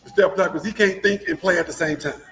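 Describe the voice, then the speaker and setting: A man co-hosting a sports talk show, with rambling, halting speech full of repeated words and restarts. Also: high voice, a bit bright, soft background music, poor audio. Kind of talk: casual sports chat.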